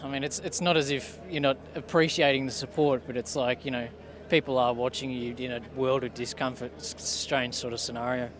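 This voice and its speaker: A man's voice: medium pitch, fairly even intonation, brisk, few pauses, fairly bright tone. A man, a pro cyclist, answering interview questions outdoors in a thoughtful, wordy, casual way. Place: outdoors at a bike race.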